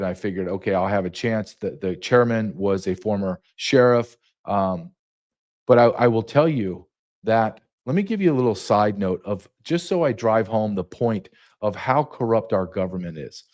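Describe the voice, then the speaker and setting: A man's voice: on the low side, darkish tone. A middle-aged man, a retired border patrol agent, telling a story as a podcast guest, indignant and emphatic. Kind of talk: heated podcast interview.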